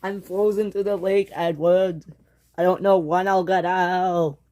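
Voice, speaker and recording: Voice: medium pitch, little pitch movement, a little mellow, pitched above the performer's own voice, close to an everyday voice. Winston, a glum frozen engine, as the narrator plays him. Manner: slow, glum. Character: gloomy male engine frozen in a lake.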